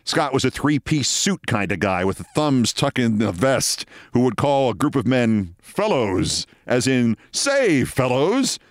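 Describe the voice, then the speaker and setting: A man's voice: medium pitch, moderate pace, few pauses, dry recording, clean studio sound. A man in his sixties hosting his own show, telling a personal story in a wry, theatrical way. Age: 60s. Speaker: host.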